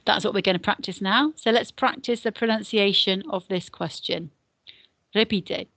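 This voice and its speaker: A woman's voice: mid-range voice, normal speed, a bit bright, no room sound. An English woman teaching a beginner Spanish lesson, patiently drilling words and numbers. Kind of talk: recorded classroom lesson.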